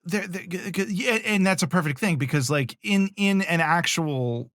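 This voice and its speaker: A man co-hosting a casual movie review podcast, rambling and restarting his sentences, with animated asides. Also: sits high, moderate pace. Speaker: podcast co-host.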